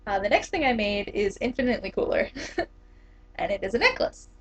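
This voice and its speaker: A woman's voice: fairly high pitch, sing-song, moderate pace. Giggly, chatty young woman vlogger. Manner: chatty, giggly, many fillers. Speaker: vlogger, English teacher. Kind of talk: casual vlog talk. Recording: dull lo-fi camera audio.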